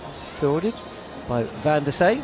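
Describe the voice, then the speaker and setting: A man's voice: on the high side, big pitch swings, unhurried, background noise. A man giving live ball-by-ball radio cricket commentary, chatty and wry.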